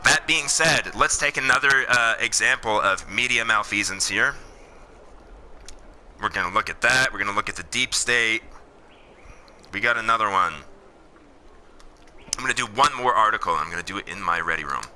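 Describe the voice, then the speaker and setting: Sharp-voiced man in a heated rant. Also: lowish voice, normal speed, long pauses, slight background noise. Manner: heated, swears, talks to the audience directly. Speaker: political commentator. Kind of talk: ranting commentary while gaming.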